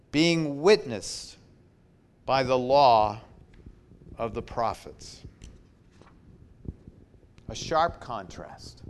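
Slow, emphatic male preacher. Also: medium pitch, a bit bright, clean tone. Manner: slow and emphatic, repeating key phrases. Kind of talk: sermon.

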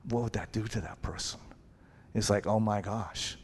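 Conversational male preacher, loud to hushed. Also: lowish voice, steady tone, normal speed, breathy edge. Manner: conversational, repeats "it's like", swings from loud to hushed. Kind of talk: sermon.

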